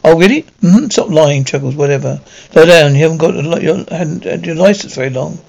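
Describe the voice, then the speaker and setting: A man's voice: a little high, fairly quick, creaky, a little mellow, rough recording. A man reading an anime episode script aloud. He reads the stage directions and all the parts in one plain voice and often stumbles over words. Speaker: script reader.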